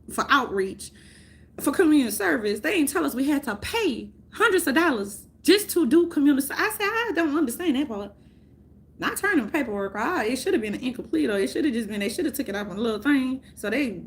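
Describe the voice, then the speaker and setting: A woman vlogging in a casual, rambling rant, swearing often, laughing, and swinging between loud outbursts and mutters. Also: a little high. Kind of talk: casual chat.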